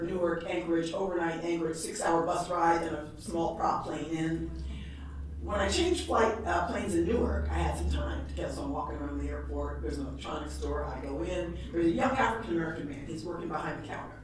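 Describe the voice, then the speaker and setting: Animated woman lecturing in an echoey hall. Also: lowish voice, recorded from a distance, slight background noise. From New York. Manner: animated, humorous storytelling with laughs. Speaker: guest lecturer. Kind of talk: storytelling lecture.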